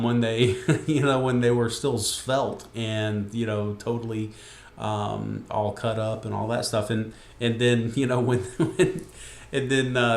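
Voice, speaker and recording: A man's voice: lowish voice, reverberant. A man giving a casual, rambling tutorial from his home desk, with many fillers and restarts. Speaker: webcasting instructor. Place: home room with desk and window. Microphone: computer screen recording.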